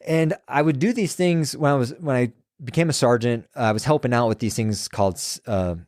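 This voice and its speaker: A man's voice: medium pitch, a little fast, a little mellow, dry recording, clean studio sound. A man, a former prison sergeant, telling stories in loose, profane casual talk and acting out what people said. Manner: loose and profane, acts out quoted dialogue. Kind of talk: casual storytelling conversation.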